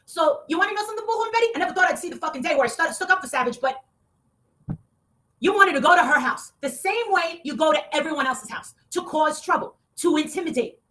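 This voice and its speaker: Fast-ranting high bright woman. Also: expressive, slight background noise. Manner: swears often, loud outbursts, rambling rants. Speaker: online show guest. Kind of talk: heated casual talk.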